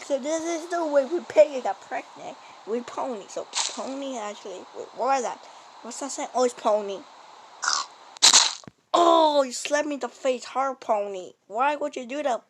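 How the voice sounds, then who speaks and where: A woman giving playful, excitable commentary while playing a video game, taunting and laughing as she goes. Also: high voice, slight background noise. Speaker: gamer.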